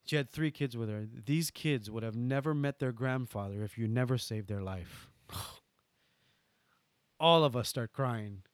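A man with a Hawaiian accent, a guest in an interview, who tells stories animatedly and swings from loud bursts to soft asides. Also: mid-range voice, unhurried, no echo, studio quality. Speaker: guest entertainer. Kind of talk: storytelling interview.

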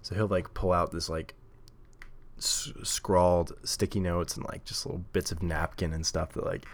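A man with a low voice and flat delivery talks at normal speed, hosting a solo podcast. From a home recording setup at a table, he rambles informally into a desk mic, often laughing and using many fillers.

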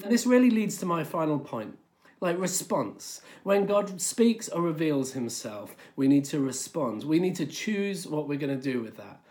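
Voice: medium pitch, darkish tone. A preacher giving a sermon in a conversational, storytelling way, often using filler words.

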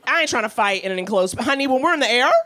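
Woman, high, lively voice, sassy comic storyteller, bright tone. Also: racing, background noise. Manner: animated, sassy, laughing asides. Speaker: podcast co-host. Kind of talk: comedic storytelling.

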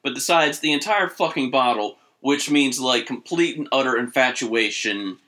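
A man's voice: medium pitch, normal speed, bright, forceful tone. A man in casual chat who often restarts his sentences with stammers.

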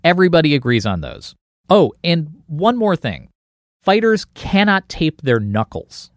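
A man's voice: a little high, very animated, a little slow, no echo, studio quality. A man reporting and narrating a documentary podcast in a scripted, storytelling delivery.

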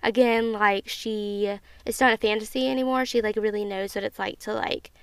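A woman in her twenties hosts a casual podcast review, chatty and gushing, full of fillers, and emotional to the point of near tears at times. Her mid-range voice is steady and clean at a moderate pace, recorded dry.

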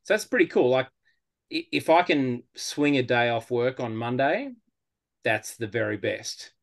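An Australian man as a podcast guest, talking in a relaxed, rambling way with lots of fillers. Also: medium pitch, measured pace, creaky. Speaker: guest fan. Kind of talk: casual podcast interview.

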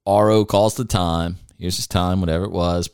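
A man's voice: sits low, normal speed, clean tone, no room sound, clean studio sound. A man hosting a casual talk show, telling stories with energy and acting out the people in them. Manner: animated storyteller who acts out other people's voices. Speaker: podcast host.

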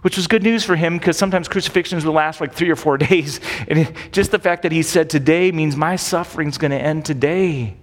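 A man preaching as a pastor, explaining scripture in an easygoing, conversational manner and often tossing in rhetorical questions. His voice sits a little higher than most men's. A long reverb trails after his words, as in a large hall. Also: fairly quick, few pauses. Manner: casual, asks rhetorical questions with "right?". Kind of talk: conversational Bible teaching.

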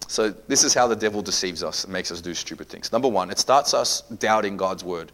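A man preaching a sermon, asking repeated rhetorical questions and swinging from quiet, low passages to loud, emphatic peaks. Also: big pitch swings, normal speed. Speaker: pastor.

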